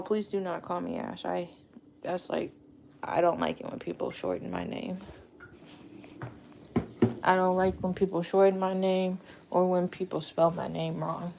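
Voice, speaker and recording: A woman's voice: on the low side, vocal fry, darkish tone, a little hiss or hum. A woman hosting a casual livestream chat from a dim room at home, talking frankly in a rambling way and swearing casually. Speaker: livestream host.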